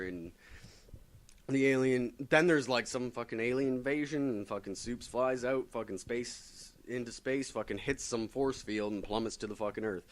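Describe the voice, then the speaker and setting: Man, casual vlogger, average pitch, rambling profane comics rant. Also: fairly quick. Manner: swears constantly, rambling with lots of fillers. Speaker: comic book reviewer.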